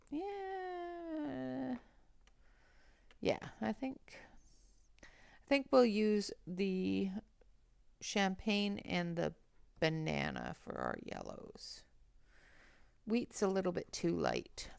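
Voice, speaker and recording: Woman, livestream host, unhurried and chatty, slight fry, headset mic, dry sound. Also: medium pitch, no echo. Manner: chatty, greets viewers by name between colouring steps. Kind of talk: casual livestream chat while colouring.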